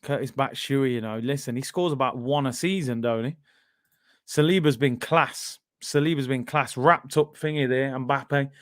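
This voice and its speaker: A man with a British accent hosting a live football watch-along, bantering excitably and reading out viewer comments. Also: mid-range voice, normal speed, no echo, studio quality.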